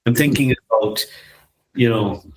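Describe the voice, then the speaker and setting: A man in his fifties, co-hosting a podcast in a reflective, musing conversational way, soft-spoken and often laughing. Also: mid-range voice, unhurried, husky. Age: 50s. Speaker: podcast co-host.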